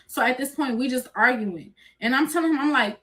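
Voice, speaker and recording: A young woman with a high voice talks fairly quickly, telling her viewers about a chaotic thing that happened to her. She swears freely and brings the story to life by acting out the quotes.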